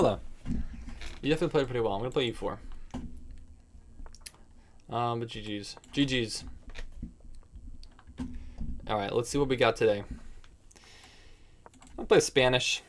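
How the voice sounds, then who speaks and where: A man's voice: mid-range voice, moderate pace, pauses often, a little hiss or hum. A man streaming online chess, chatting casually and thinking aloud about his moves while answering viewers. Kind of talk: casual live-stream game commentary.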